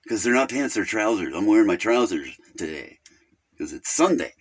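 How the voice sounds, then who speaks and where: A man's voice: on the low side, big pitch swings, normal speed. A man playing a naive, rambling caller named Virgil who keeps drifting off topic on a phone call. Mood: flustered. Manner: rambling, easily sidetracked, crude. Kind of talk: comedic character phone call.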